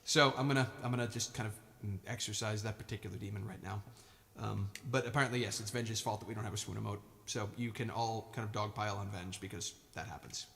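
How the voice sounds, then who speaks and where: A man's voice: lowish voice, fairly even intonation, fast, creaky, few pauses, fairly bright tone, in a large hall. A man musician chatting casually on his live stream, playful and rambling, tripping over his words.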